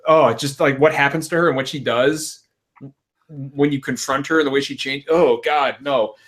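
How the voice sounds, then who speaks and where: A man hosting a casual gaming podcast, telling stories excitedly and swearing freely. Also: medium pitch, normal speed, slight background noise. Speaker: podcast host.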